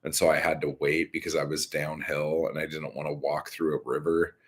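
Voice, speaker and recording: A man's voice: a bass voice, level tone, brisk, husky. A man hosting a live stream, rambling casually and profanely with many fillers.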